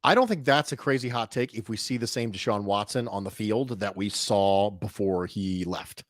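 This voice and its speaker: A man hosting a casual sports podcast, talking in an animated way with quick jokey asides. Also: lowish voice, no room sound, clean studio sound. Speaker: show host.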